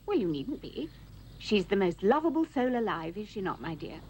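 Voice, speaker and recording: A woman's voice: medium pitch, sing-song, normal speed, lightly acted. An actress playing a gushing, sentimental genteel lady in a period film, full of romantic enthusiasm. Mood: fond. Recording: slightly dull film soundtrack with faint noise.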